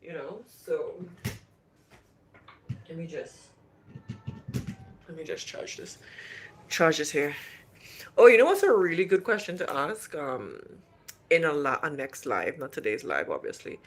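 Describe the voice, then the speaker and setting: A woman's voice: low-pitched, very animated, a little slow, pauses often, breathy edge. A woman from Trinidad and Tobago with a faint Trinidadian accent, hosting a casual livestream from a hotel room and answering viewer questions in a chatty, rambling way. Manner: chatty and rambling, with many restarts. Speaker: livestream host.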